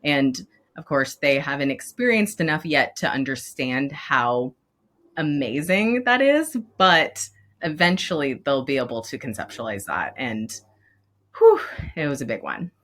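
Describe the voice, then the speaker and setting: A woman speaking as a school counselor guest in a candid podcast conversation, expressive and laughing often, moved to emotion at times. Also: very deep voice, measured pace.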